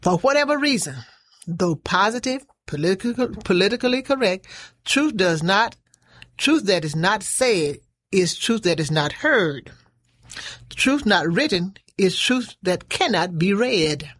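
A woman's voice: mid-range voice, animated, a little slow, fairly bright tone. A woman giving a motivational radio talk, preaching and repeating lines for emphasis. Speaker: community program leader.

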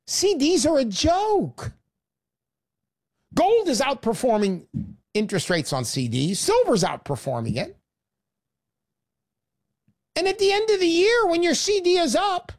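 A woman hosting a sarcastic, animated sales pitch monologue.

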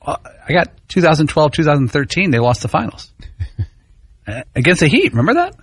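A man co-hosting on a sports radio show, chiming in quick and joking. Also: fairly high pitch, huge pitch swings, breathy edge, no room sound, clean studio sound. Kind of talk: studio banter.

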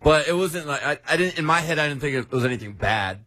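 Man, radio co-host, casual rambling anecdote, quick pace. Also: on the high side, animated, bright, forceful tone. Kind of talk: casual storytelling on air.

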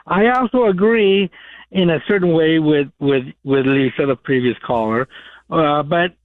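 A man's voice: a little high, a little slow. A man calling in to a radio show, chatty and rambling, with many fillers. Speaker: caller. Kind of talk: radio call-in. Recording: tinny phone line.

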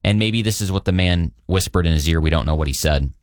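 A man's voice: sits low, fast, dry recording, studio quality. A man co-hosting a talk show, retelling a news story in an earnest, conversational way. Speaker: radio show co-host. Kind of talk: casual news chat.

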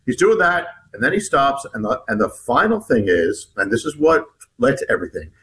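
A man, an author appearing as a guest, recounting a personal story in an interview, halting with frequent restarts and repeated words. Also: medium pitch, big pitch swings, a bit bright, rough recording.

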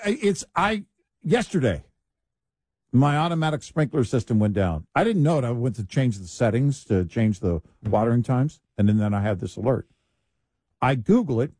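A male radio co-host with a mellow, warm voice, recorded dry in the studio. He tells everyday stories in animated casual banter. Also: medium pitch, moderate pace, pauses often, no room sound. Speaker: radio talk show co-host.

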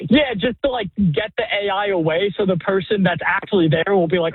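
Young-sounding guy on a phone call, husky, high pitch, says like a lot. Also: fairly quick, dry recording. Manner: casual, lots of "like" fillers. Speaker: caller. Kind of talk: call-in chat. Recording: dry tinny phone line.

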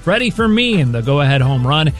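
A man reading a radio sports news update in a brisk, newsy way. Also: on the high side, sing-song, soft background music.

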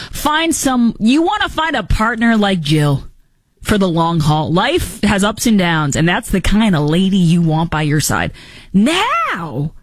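Sarcastic woman talk show host, low, animated. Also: no echo. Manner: mocking, animated, jumps into quick impressions. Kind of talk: sarcastic political commentary.

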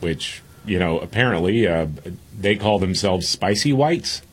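A man's voice: low-pitched, animated, a little slow, husky. A man on a talk radio show throwing in laid-back, drawling asides. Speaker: radio co-host. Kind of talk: morning radio banter.

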